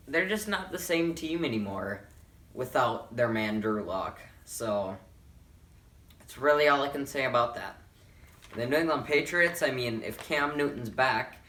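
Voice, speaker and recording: A man's voice: mid-range voice, animated, measured pace, bright, forceful tone. Tired male sports vlogger, offhand and rambling, recorded at home with the mic a bit far off and echo around him. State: tired, yawning. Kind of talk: casual picks and predictions talk.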